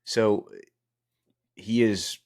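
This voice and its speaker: A man with a very low voice chats loosely on a podcast, drifting between thoughts and restarting sentences. He sounds tired as he talks. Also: steady tone, drawn-out words, a little mellow. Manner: rambling, restarts often. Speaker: podcast co-host. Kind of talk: casual podcast chat.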